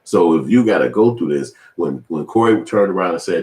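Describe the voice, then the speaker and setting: A man in his forties giving casual, profane commentary, animated and switching into high mimicking voices. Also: fairly quick, hardly any pauses, echoey room. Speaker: video commentator.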